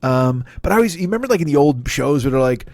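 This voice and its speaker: A man's voice: fairly high pitch, lively intonation, quick pace, a little mellow, no room sound, studio quality. A man hosting his own comedy podcast, riffing in a rambling, profane monologue that keeps correcting itself. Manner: profane, digressive, self-correcting.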